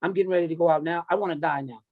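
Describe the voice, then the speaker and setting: A slightly high-voiced middle-aged man talks rapid-fire through narrow, tinny audio. As a podcast guest and wrestling and MMA coach, he tells his life story with blunt emotion and a lot of swearing.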